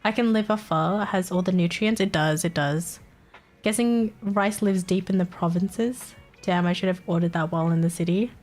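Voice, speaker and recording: A woman's voice: lowish voice, moderate pace, darkish tone, faint music behind. A young Australian woman streaming live, chatting casually in a rambling, giggly, playfully crude way.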